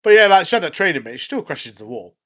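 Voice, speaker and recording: A man's voice: sits high, big pitch swings, very fast, sharp tone. A man co-hosting a podcast, joking casually, saying "mate" a lot and laughing often. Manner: jokey, says "mate" constantly, laughs a lot. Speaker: podcast co-host. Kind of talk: casual chat.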